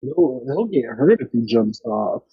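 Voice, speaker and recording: A man's voice: medium pitch, expressive, a little slow. A man joining as a guest on a casual movie reaction, firing off sarcastic quips, on a dull lo-fi mic.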